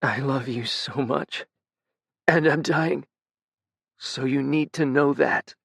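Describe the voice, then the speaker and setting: A man doing a dying young man, faint and halting. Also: medium pitch, fairly even intonation, vocal fry, a bit bright, breathy edge, no echo, clean studio sound, heavily acted. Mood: tender. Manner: faint, halting, near a whisper. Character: dying young man, gentle, slurring, tender. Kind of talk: audiobook character reading.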